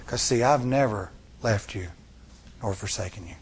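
A man's voice: fairly low pitch, normal speed, slightly rough. Middle-aged man preaching a sermon. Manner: preaching with rhetorical questions and rising emphasis. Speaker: pastor.

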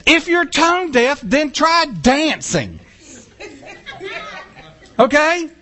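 Guy preaching, really high bright voice, jumps around a lot in pitch, jokey. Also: extremely slow, a faint crowd. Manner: animated, joking preaching with acted-out quotes. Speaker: pastor. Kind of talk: sermon.

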